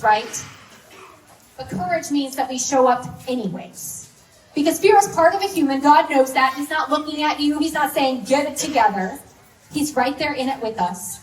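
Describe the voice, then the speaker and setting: A woman's voice: high voice, a little hiss or hum. A woman in her thirties giving a chatty, story-driven sermon with lots of fillers. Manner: conversational, storytelling, many fillers. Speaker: speaker. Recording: echoey hall, mic from a distance.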